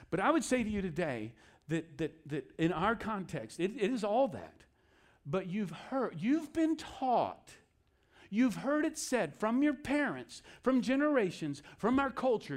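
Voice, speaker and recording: A man who is a pastor, preaching a sermon in an animated way and acting out inner voices with asides. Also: high voice, normal speed.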